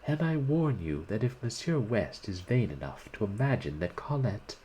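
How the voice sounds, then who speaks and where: A man's voice: on the low side, sing-song, moderate pace, dark tone, slight background noise, voice pushed up, rough recording. A man reading aloud and voicing an anxious young woman who nervously pleads during a bombardment. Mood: anxious, pleading.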